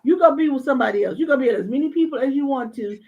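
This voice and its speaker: A woman's voice: high voice, very fast. Emphatic woman host, dull lo-fi sound. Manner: emphatic, repeats phrases. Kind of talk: casual chat.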